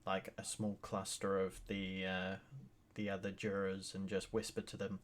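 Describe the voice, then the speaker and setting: A man's voice: low-pitched, monotone, normal speed. A man playing in a tabletop game, joking playfully with the others. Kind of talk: casual play.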